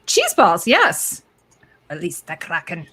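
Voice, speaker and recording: A woman's voice: fairly low pitch, wildly swooping pitch, slow pace, a crowd in the background. A woman hosting a casual livestream, chatting with guests and reading viewer comments aloud. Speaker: livestream host.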